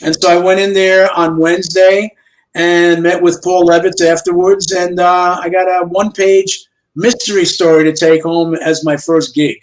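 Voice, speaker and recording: An older man with a high voice, telling a story as a guest in an interview. He narrates in a lively way and keeps slipping into the voices of the people in his tales, over a remote video call. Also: moderate pace, poor audio. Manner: lively storyteller who acts out quoted dialogue. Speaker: guest comic book artist. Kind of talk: storytelling anecdotes in a chat show interview.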